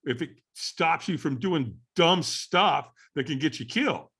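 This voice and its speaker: A middle-aged man telling a story as a podcast guest, his voice bright and forceful. He swings widely in pitch and acts out every quoted line of dialogue. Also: expressive, unhurried, breathy edge. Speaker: guest, firewalking instructor.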